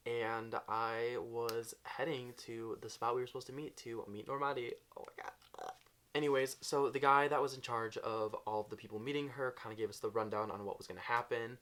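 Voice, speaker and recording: A man's voice: mid-range voice, steady tone, moderate pace, a bit bright. A young man telling a storytime vlog, bubbly and gushing, with "like" in nearly every line. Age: young adult. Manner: bubbly, gushing, says "like" constantly. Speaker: vlogger.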